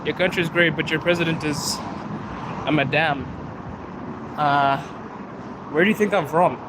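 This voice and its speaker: A man from Zimbabwe chats loosely to his viewers, laughing often. His voice sits a little high for a man. He streams from a phone on a busy city street, with clear traffic noise behind him. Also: unhurried. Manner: rambling, chatty, laughs often. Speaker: live streamer. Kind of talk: casual live-stream chat with viewers.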